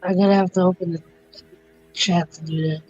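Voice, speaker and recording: Female panelist on a call, relaxed and chatty, dull audio with faint music. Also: on the low side, fairly quick, husky. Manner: relaxed, laughing, thinking aloud. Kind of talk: casual livestream chat.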